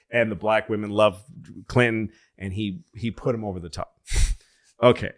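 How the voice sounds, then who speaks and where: Lively low-voiced man telling stories. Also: normal speed. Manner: animated storyteller acting out quotes in excited higher voices. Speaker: podcast host. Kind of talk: casual storytelling chat.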